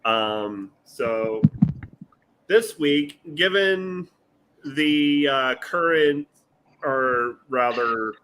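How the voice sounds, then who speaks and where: A man's voice: medium pitch, expressive, very slow, noisy background. A man hosting a podcast in casual chat, hesitant, with many fillers and restarts. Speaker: podcast host.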